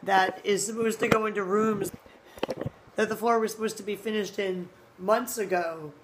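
A woman's voice: mid-range voice, steady tone, moderate pace, heavy background noise. Tired, blunt woman vlogging food. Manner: blunt, candid, talking with her mouth full. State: tired late at night. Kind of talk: casual food-tasting vlog. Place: home, indoors. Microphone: phone camera.

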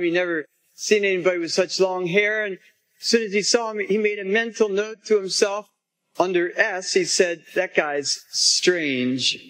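A priest tells a story in a homily, gentle and unhurried. His voice is high for a man, and he speaks slowly and carefully. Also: rough recording.

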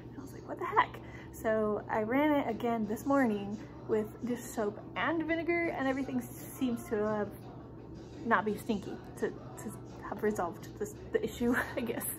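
A chatty woman with a fairly high voice talks straight to her viewers in a loose, rambling way. She giggles between thoughts and drifts easily from one remark to the next. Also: expressive, moderate pace, a crowd in the background, rough recording. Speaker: vlogger. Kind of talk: casual vlog chat.

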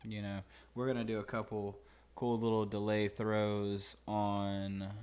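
A man's voice: on the low side, monotone, unhurried, a little mellow, smooth. A man hosting a mixing tutorial, talking casually and thinking aloud with many fillers. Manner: laid-back, thinking aloud with many ums and uhs. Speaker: mixing engineer and channel host.

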